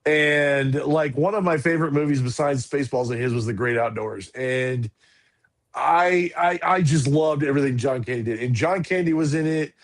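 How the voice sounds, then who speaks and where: A man's voice: on the high side, normal speed. A man in his forties on a podcast, telling a story in a casual, rambling way with lots of restarts and fillers. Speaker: podcast co-host.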